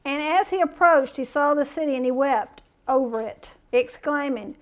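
A woman's voice: high-pitched, a little slow, hardly any pauses. A middle-aged woman preaching a conversational sermon, reading scripture aloud and asking the listeners questions.

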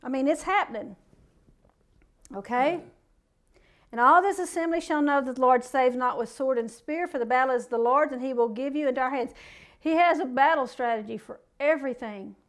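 High-voiced woman preaching a folksy sermon. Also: normal speed. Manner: reads scripture aloud, then breaks off to preach in folksy asides.

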